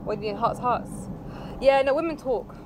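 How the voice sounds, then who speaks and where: A woman's voice: a little high, animated, fairly quick, noisy background. A woman, co-hosting a casual podcast and teasing the others in a chatty way. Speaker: podcast co-host. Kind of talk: casual group chat.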